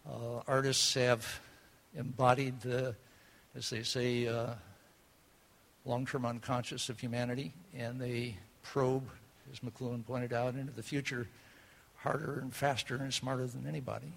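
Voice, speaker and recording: A man hosting a seminar, introducing the speakers in a relaxed, rambling way with many fillers. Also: medium pitch, unhurried, gravelly, slight background noise. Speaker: host.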